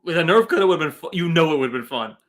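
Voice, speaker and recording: Teasing, bright-voiced man, lively pitch. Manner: quick teasing interjections, laughs easily. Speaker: podcast co-host. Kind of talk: casual chat.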